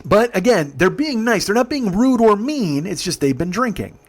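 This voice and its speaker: A man in his forties telling a comic story, animated and full of profanity. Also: high-pitched. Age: 40s. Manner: profane, animated, fast-talking. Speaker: comedian and podcast host.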